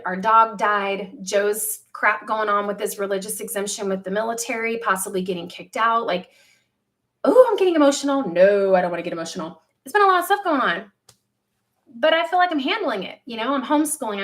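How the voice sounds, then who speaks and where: A woman in her thirties hosting a casual livestream from home, telling a personal story candidly, with lively quoted asides. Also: a little high. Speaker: livestream host.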